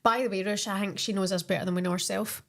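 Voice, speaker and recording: A woman's voice: medium pitch, fairly even intonation, fast, vocal fry. A woman with young kids hosting a casual match watch-along and bantering with her co-host. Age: adult with young kids. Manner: chatty, jokey banter. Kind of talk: casual chat.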